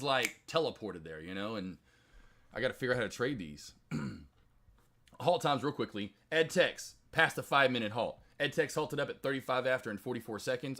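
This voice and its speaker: A young man runs a live stock trading stream and talks casually to his viewers. His voice is bright and punchy, and his rambling chatter keeps breaking into excited, loud outbursts. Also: medium pitch, normal speed. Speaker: stock trading livestream host.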